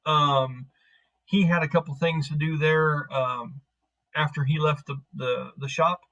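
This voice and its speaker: A man's voice: a little high, steady tone, unhurried, bright, forceful tone, dull audio. A man narrating as game master in a tabletop game, casual and rambling with lots of fillers.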